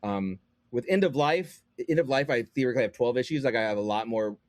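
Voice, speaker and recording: Male podcast guest, rapid and rambling, dry mic. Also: medium pitch, no room sound. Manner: rambling, animated, frequent fillers and restarts. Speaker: guest comic book writer. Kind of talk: casual podcast chat.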